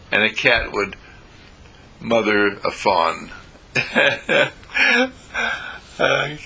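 A man leading a guided affirmation talk in a gentle way, repeating phrases. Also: on the low side, vocal fry, breathy edge. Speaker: inspirational speaker.

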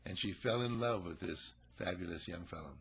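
A man with a gravelly, husky voice telling a folksy, chatty parable to listeners. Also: low voice, normal speed, fairly bright tone, a little hiss or hum. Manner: folksy, chatty, acts out characters. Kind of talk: conversational storytelling talk.

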